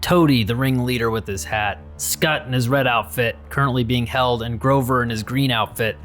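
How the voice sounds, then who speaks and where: A man's voice: mid-range voice, normal speed, fairly bright tone, soft background music. A man narrating a tabletop game as game master, rambling and restarting often. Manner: rambling, with frequent fillers and restarts.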